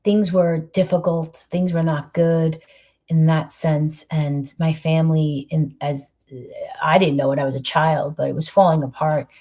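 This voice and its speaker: A woman shares a reflective motivational message. Her voice is low and mellow, with a husky grain, and she keeps it soft and intimate, often sinking almost to a whisper. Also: little pitch movement, unhurried. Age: 50s. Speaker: host giving a monthly inspirational message.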